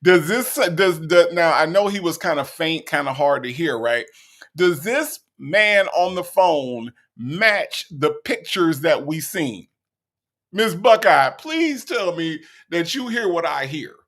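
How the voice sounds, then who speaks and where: A man hosts a casual reaction commentary, animated and speaking directly to his viewers with frequent laughter. His voice is on the high side and his pace is slow.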